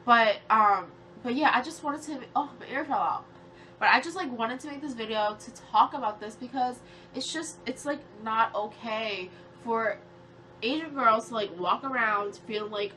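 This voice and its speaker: A woman's voice: a little high, normal speed, sharp tone, slight background noise. A woman in her early twenties with a nasal voice, tearful as she rants to her viewers, heated and swearing, rambling with many fillers. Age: 20s. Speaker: vlogger. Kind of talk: emotional rant to camera.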